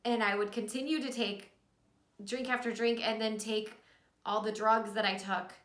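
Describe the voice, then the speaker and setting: A woman's voice: a little high, fairly even intonation, moderate pace, a bit bright. Earnest young woman in an echoey room. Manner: earnest, emotional, fighting back tears; casual, many likes and you guys. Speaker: vlogger and author. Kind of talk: personal confessional vlog. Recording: roomy echo.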